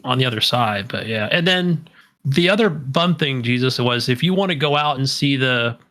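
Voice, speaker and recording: A man co-hosting a casual podcast, talking loosely and haltingly with many fillers. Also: medium pitch, animated, a bit bright. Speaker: podcast co-host. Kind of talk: casual chat.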